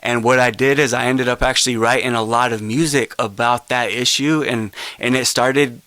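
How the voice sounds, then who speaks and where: Earnest man telling his story, flat pitch. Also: dry recording. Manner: earnest, halting with restarts, grows emotional. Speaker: keynote speaker. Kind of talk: personal storytelling keynote.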